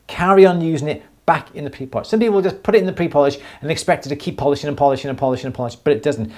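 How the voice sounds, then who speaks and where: A man's voice: on the high side, a little mellow. A man hosting a live jewellery Q&A, explaining techniques enthusiastically and with many restarts. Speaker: jewellery teacher, show host. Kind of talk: live Q&A stream.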